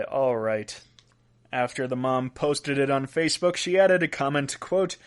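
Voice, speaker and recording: A man's voice: medium pitch, measured pace, clean tone. A young adult man hosting a casual weird-news podcast, reading quotes aloud and chuckling between stories. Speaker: podcast host.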